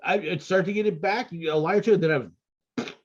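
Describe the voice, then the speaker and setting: A man's voice: high-pitched, moderate pace, husky. A man casually chatting with a former coworker about their old show days, laughing along. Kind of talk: casual chat. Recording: dull lo-fi sound.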